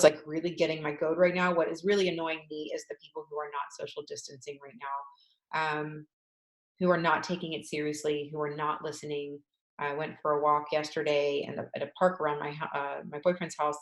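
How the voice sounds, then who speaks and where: A woman with a low voice leads a guided tapping session as a coach. She speaks candidly and repeats tapping phrases as she works through her frustration. The room around her is echoey.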